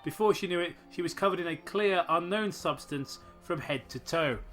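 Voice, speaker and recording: A man's voice: on the high side, normal speed, fairly bright tone, soft background music. A man reading a story aloud as a podcast host, sarcastic and swearing as he rants about it. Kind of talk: comedic story reading and commentary.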